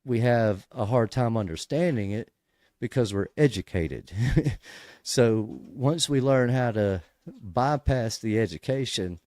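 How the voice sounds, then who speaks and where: A man's voice: mid-range voice, expressive, takes it slowly, warm tone, dry recording, clean studio sound. A man hosting a casual Bible study show, explaining verses in a conversational way, with frequent restarts and sudden emphatic bursts.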